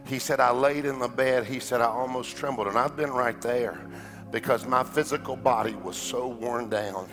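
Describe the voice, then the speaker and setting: A man preaching in a large church, his voice rough and gravelly. He tells a story and climbs to a fervent shout. Music plays clearly behind him. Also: mid-range voice, fairly even intonation, moderate pace. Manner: storytelling, builds to shouting climax. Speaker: pastor. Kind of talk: sermon.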